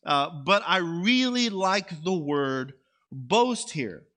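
A pastor preaches conversationally in a high, bright, forceful voice, speaking slowly and expressively. He frequently checks in with his audience using "right?" and "okay?".

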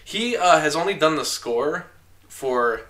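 A man's voice: a little high, animated, measured pace, fairly bright tone. A man chatting casually as a podcast host, opinionated and talkative, with frequent fillers and laughs. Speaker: podcast host discussing film awards. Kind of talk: casual chat.

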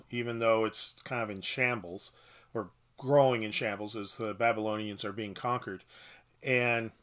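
A man's voice: mid-range voice, fairly bright tone. A man explaining scripture in a casual bible study, knowledgeable and explanatory. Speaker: bible teacher.

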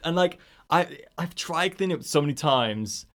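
A man's voice: a little high, lively intonation, moderate pace, a bit bright. Young man, rambling laughing storyteller. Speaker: podcast co-host. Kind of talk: casual chat.

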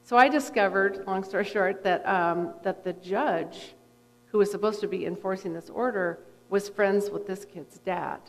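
A middle-aged woman, a therapist and guest speaker, telling a personal story in a conversational, animated way with frequent fillers. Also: mid-range voice, normal speed. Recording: long reverb from a hall.

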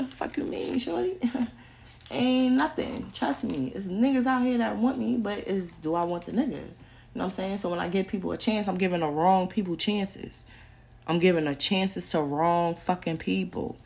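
A young woman holds forth on her podcast in a mid-pitched voice. She rants bluntly and profanely, gets animated, and laughs often between points. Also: creaky, a little hiss or hum. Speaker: podcast host. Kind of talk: casual podcast rant.

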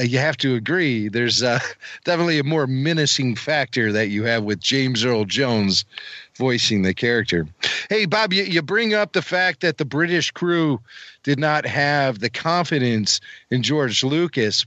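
A man's voice: medium pitch, bright, forceful tone, dry recording, highs cut off. A man hosting a podcast, talking in a chatty, enthusiastic way. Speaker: podcast host. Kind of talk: podcast conversation.

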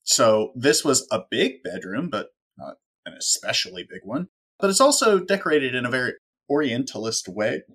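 A man's voice: mid-range voice, big pitch swings, moderate pace, a bit bright, husky. Male co-host, wry sarcastic chatter, mid-range voice. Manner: sarcastic, wry joking asides. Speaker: podcast co-host. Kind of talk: casual chat.

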